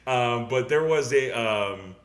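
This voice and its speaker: A young man hosting a casual podcast, excitably talking over a film, swearing a lot and laughing often. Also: mid-range voice, slow pace. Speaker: podcast host. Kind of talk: casual movie review chat.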